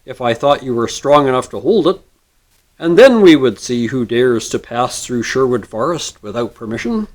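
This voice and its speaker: A man's voice: medium pitch, lively intonation, moderate pace, lightly acted, rough recording. A man voicing a big, good-tempered male outlaw who teases a stranger in a storybook reading. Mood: taunting. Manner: mocking, boisterous.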